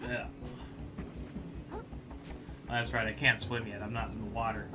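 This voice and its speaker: A man's voice: fairly low pitch, level tone, measured pace, pushed and bright, faint music behind. A man casually commenting while playing a video game on stream, chatty and self-deprecating.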